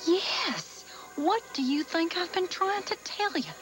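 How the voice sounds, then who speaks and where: A woman's voice: extremely high pitch, lively intonation, a little slow. A stubborn frontier woman out of her time. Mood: insistent. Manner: folksy old-fashioned talk, pleading. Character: frontier woman lost in modern times, stubborn. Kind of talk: 1980s TV soap acting. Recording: TV soundtrack with music underneath.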